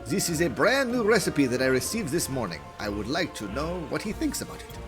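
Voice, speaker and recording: A man's voice: fairly high pitch, very animated, brisk, over music. A man voicing a grumpy male village chef, brusque and suspicious.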